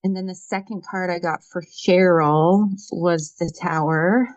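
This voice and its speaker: A woman's voice: lowish voice, fairly even intonation, measured pace, no echo, lo-fi sound. A woman co-hosting a casual tarot reading chat, musing aloud with many fillers. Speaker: tarot reader co-host.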